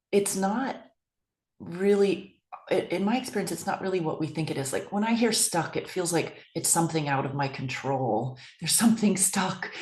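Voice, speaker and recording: A middle-aged woman with a notably low voice talks in a soft, thoughtful way. She is sharing a personal story in an easygoing conversation. The room around her is echoey. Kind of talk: reflective conversation.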